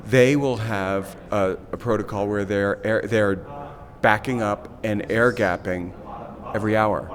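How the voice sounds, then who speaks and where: A man's voice: lowish voice, steady tone, unhurried. A man hosting a podcast interview, casual and affirming, often chiming in with agreement. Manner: casual, affirming, lots of backchannel. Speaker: podcast host.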